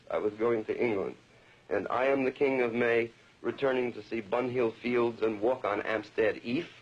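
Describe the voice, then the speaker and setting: A man reads his own poem aloud at a medium pitch, chanting the verse in a rhythmic, incantatory way. The sound is dull and lo-fi, like an old archival recording. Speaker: poet. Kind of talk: poetry reading.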